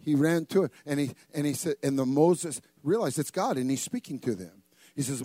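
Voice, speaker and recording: Older man preaching with loud bursts. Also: fairly high pitch, fairly quick, no echo. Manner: animated, joking, acts out voices with sudden loud bursts. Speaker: pastor. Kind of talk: sermon.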